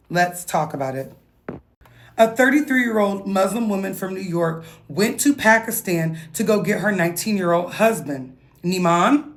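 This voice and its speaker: Woman vlogger, mid-range voice, lively gossip commentary, playful and exclaiming. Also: mid-range voice. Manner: animated, playful, exclaiming, with laughs.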